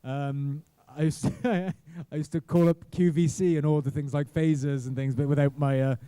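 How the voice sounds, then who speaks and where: Middle-aged male panel guest, mellow smooth voice, halting self-deprecating storyteller, dry close sound. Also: fairly high pitch, fairly even intonation, no room sound. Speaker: guest actor. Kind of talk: casual convention panel storytelling. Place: convention panel room.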